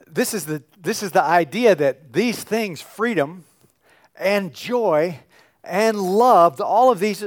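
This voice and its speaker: Guy teaching a bible class, kinda high voice, stops and restarts a lot, gets loud and excited. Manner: animated, rising to loud bursts of emphasis; halting, with restarts and fillers. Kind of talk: teaching on a psalm.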